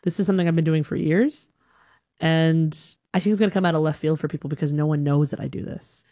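A woman from Alabama telling a personal story in a lively, self-deprecating way, slipping into voices as she talks. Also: low-pitched, quick pace, no room sound, clean studio sound. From Huntsville, Alabama, USA.

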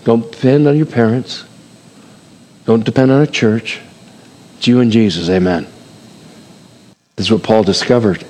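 A man's voice: medium pitch, moderate pace, pauses often, a little mellow, in a large hall. A man preaching a sermon, reading scripture aloud and acting out the voices with dramatic swings and chuckles. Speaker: pastor.

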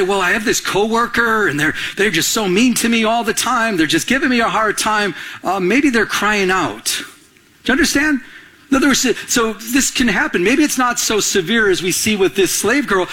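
A middle-aged pastor with a high voice preaches a sermon in an animated, conversational way. He frequently poses questions to the congregation.

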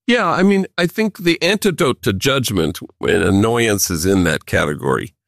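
A man's voice: lowish voice, normal speed, creaky, no echo, studio quality. An older man, a priest, telling stories in an interview and acting out the quotes as he goes. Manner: animated, acts out quotes, laughs. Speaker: Jesuit priest, guest. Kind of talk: conversational interview storytelling.

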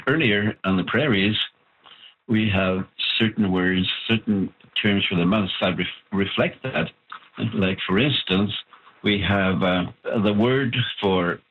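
A man being interviewed as the author of a language book, patiently explaining terms and often slowing down to spell them out. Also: sits low, breathy edge. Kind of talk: interview answers over the phone. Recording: tinny phone line.

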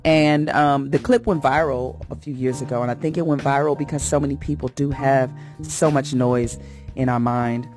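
A woman's voice: rumbling low, steady tone, normal speed. Woman radio host, earnest and preacherly, faint music underneath. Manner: warm, earnest, preacherly, rising in emphasis. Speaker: radio host giving a faith message. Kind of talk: inspirational radio talk.

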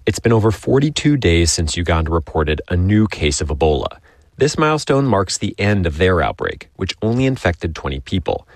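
A man reporting a radio news story in a steady, informative way. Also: deep voice, no room sound.

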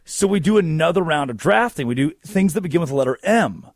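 A man hosting a casual sports talk show, telling stories in an animated, joking way. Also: on the high side, fast talker, no echo, clean studio sound. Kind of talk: casual comedic chat.

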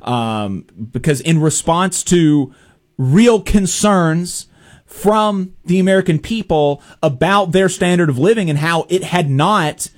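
A man hosting a political commentary show, talking in a halting way with many fillers and restarts and wry laughs. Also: sits high.

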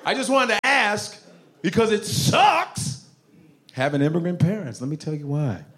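A man doing stand-up crowd work at a comedy club, loud and profane, laughing as he talks. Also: sits high, expressive, normal speed. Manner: loud, profane, laughing, acts out parents' voices.

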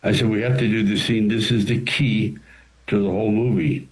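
A man's voice: lowish voice, fairly quick, rough recording. An older man, an actor and writer, telling rambling anecdotes in an interview and acting out quotes along the way. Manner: rambling, animated storytelling with acted-out quotes.

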